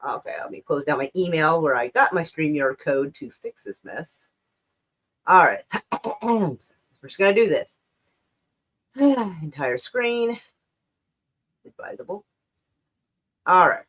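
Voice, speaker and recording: A woman's voice: deep voice, lively intonation, takes it slowly, pauses often, fairly bright tone. A slightly out-of-breath woman hosting a casual livestream, rambling and swearing as she reads and comments on the news. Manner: rambling and profane, with many restarts.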